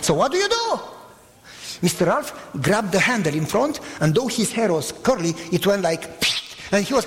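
A man preaching a sermon, emphatic and animated, acting out voices as he tells stories. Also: sits high, normal speed. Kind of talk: sermon with dramatic storytelling. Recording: long reverb of a large hall.

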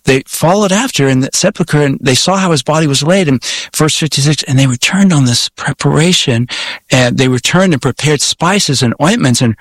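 A man's voice: fairly high pitch, normal speed, no echo. A man who is a pastor from the United States, recounting a preaching story in conversation and acting out the dialogue and scripture readings. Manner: animated storyteller who acts out quoted dialogue and reads scripture aloud.

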